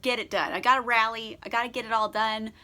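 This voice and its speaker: A young woman with a bright, edgy voice pitched a little high, chatting tipsily into the camera. She rants sarcastically about a book, swears freely and breaks into giggles. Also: steady tone, fast talker. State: tipsy. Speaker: book vlogger. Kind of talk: casual book review chat.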